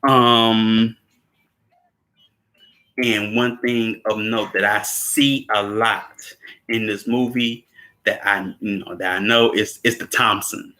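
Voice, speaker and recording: A man casually recapping a film scene, laughing often, repeating words and acting out quotes in a higher voice. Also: steady tone, takes it slowly, bright, forceful tone.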